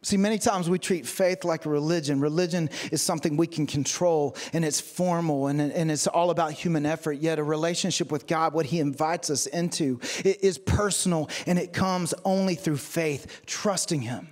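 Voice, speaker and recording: Man, pastor, high-pitched voice, sermon, humorous storytelling. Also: normal speed, few pauses, a little mellow. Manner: storytelling with humor and acted-out quotes.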